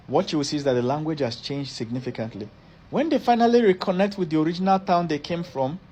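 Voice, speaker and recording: Man lecturing in a higher register. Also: a little mellow. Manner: repeats and rephrases phrases for emphasis. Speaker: educator. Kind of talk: explanatory lecture.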